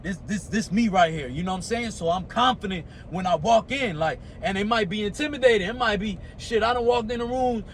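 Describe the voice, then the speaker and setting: A man's voice: high voice, a little fast, few pauses, a little hiss or hum. A young American man giving a casual motivational talk, profane and streetwise, often asking "you know what I'm saying". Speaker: motivational speaker.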